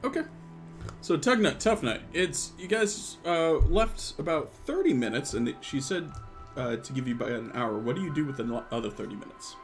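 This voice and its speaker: A man narrating a tabletop game as game master over an online call, playful and animated. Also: mid-range voice, normal speed, soft background music. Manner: animated, playful, laughing often.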